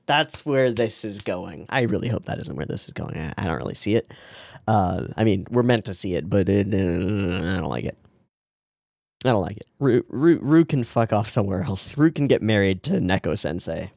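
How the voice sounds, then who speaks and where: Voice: sits low, gravelly, darkish tone, no echo, studio quality. A young adult anime reaction host giving casual, joking commentary, swearing freely and laughing often.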